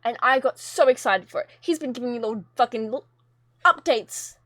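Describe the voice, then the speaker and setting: A woman's voice: on the high side, expressive, brisk, bright, forceful tone, no room sound, studio quality. A young woman streamer talking casually to her live chat, ranting in an exasperated, rambling way, with plenty of swearing.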